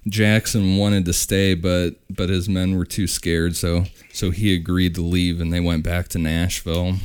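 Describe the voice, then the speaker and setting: A man hosting a podcast, telling a ghost story in a relaxed, casual way. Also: sits low, unhurried, clear, resonant tone. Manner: relaxed, with fillers and restarts. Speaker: podcast host.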